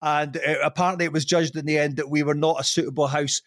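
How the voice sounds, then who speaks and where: A man's voice: on the high side, level tone, fast, no room sound. A middle-aged man chatting as a podcast guest, rambling and self-deprecating, laughing often. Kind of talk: casual podcast chat.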